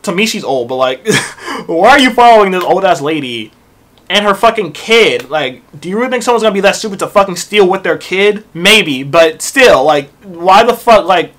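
A young man telling a work story in a casual storytime rant, profane and animated, dropping into low mutters for asides. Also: moderate pace.

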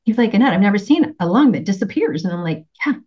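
A woman's voice: medium pitch, very animated, fast, slightly rough. A middle-aged woman giving a casual health talk with slides, telling her story in a chatty way, laughing often and acting out quotes. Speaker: nutritionist presenter. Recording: slightly dull lo-fi sound.

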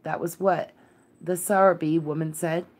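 Miserable, distracted gentleman guardian, weary and fretful, voiced by a low-voiced woman. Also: fairly even intonation, moderate pace, natural voice. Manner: worried, absent-minded and weary.

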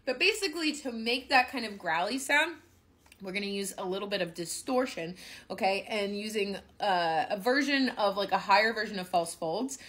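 A woman giving a singing lesson as a vocal coach, bubbly and quick to laugh at herself, breaking into sung demonstrations. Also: medium pitch, expressive, fairly bright tone.

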